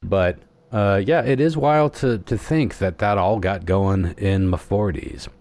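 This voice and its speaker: A man's voice: low-pitched, measured pace, creaky, darkish tone, no room sound. A middle-aged man hosting a podcast, telling stories in a rambling, laid-back way. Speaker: podcast host. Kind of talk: casual chat.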